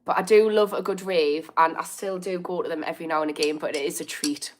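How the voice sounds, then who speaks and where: A woman's voice: low-pitched, fairly even intonation, fast talker, a little hiss or hum. A woman in her thirties with a Birmingham accent, chatting casually on a livestream as she reads out comments, laughing often and reacting with amused indignation. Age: 30s. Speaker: recovery coach hosting a livestream.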